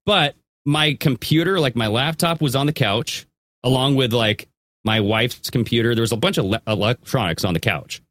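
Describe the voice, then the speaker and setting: A man's voice: medium pitch, moderate pace, fairly bright tone, no room sound. A man co-hosting a podcast in casual chat, laid-back, swearing, full of fillers. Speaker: podcast co-host.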